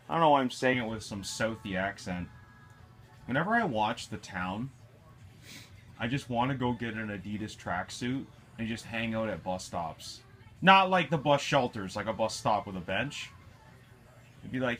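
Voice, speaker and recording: A man's voice: on the low side, animated, moderate pace, fairly bright tone, soft background music. A middle-aged man who runs a hobby shop, rambling and joking through a casual vlog monologue about new stock.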